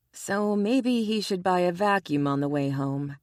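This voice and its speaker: A woman narrating a romance audiobook in a measured, even read on a close mic. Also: on the low side, no room sound.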